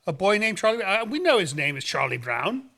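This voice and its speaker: High, bright-voiced goofy horror host man. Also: sing-song, fast talker. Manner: goofy, rambling jokes and playful banter. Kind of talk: playful, campy hosting chat.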